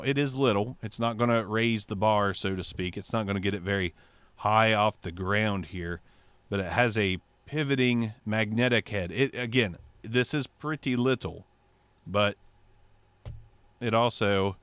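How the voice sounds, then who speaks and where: A man's voice: fairly low pitch, a bit bright, smooth, dry recording. A man giving a casual, joking microphone review from his home studio, thinking aloud as he tests the gear. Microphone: testing a handheld wireless mic.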